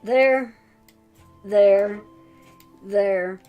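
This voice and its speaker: A woman running a tabletop game as game master, relaxed narration with frequent fillers. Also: medium pitch, drawn-out words, highs cut off, faint music behind.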